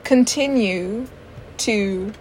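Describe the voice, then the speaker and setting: A woman's voice: mid-range voice, slow, warm tone, a little hiss or hum, close to an everyday voice, poor audio. A woman doing a put-on mixed accent as she delivers a dramatic, affirming pep talk. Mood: encouraging.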